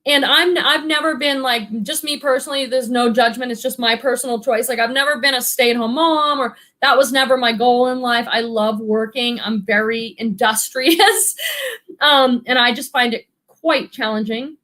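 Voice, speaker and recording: A woman's voice: on the high side, normal speed, pushed and bright. A woman, an online reseller, hosting a casual live stream, chatting and reading viewer comments in a bubbly way, with lots of "like" and laughter. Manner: chatty, bubbly, many likes and ums, laughs often.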